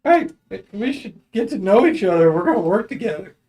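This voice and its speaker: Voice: mid-range voice, very animated, a little fast, darkish tone. A player bantering in character during a tabletop game, playful and needling. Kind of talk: in-character tabletop role-play.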